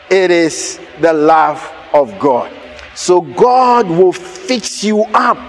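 A man preaching a sermon, telling a personal story with animated laughter and sudden shouted lines. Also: high voice, very slow.

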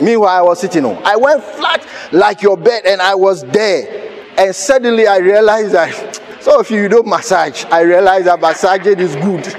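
A man preaching a sermon, telling a personal story with animated laughter and sudden shouted lines. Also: high voice.

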